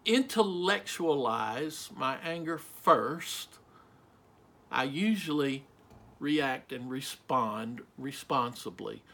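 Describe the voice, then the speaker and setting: Middle-aged guy preaching slow and emphatic, high voice, lots of questions to the congregation. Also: pushed and bright. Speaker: pastor. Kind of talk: sermon.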